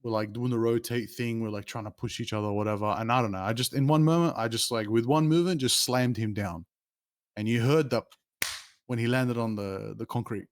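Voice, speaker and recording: Man in his late 20s, mid-range voice, casual and animated, swings up in pitch mid-story. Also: brisk. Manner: animated, rambling, with sudden pitch jumps. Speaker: interview guest, streamer.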